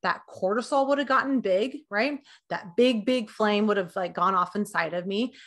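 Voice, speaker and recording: A woman's voice: mid-range voice, normal speed, fairly bright tone. A woman in her thirties, a dietitian, giving casual health advice in a chatty way, with lots of fillers and acted-out quotes.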